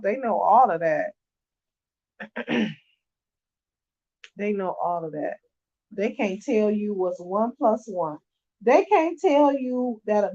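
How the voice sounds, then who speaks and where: A woman's voice: medium pitch, warm tone, highs cut off. A middle-aged woman and teacher talking casually to camera from her bed, emphatic and conversational. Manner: emphatic, conversational, keeps asking "you know what I'm saying". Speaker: early-childhood teacher. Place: resting in her bed at home.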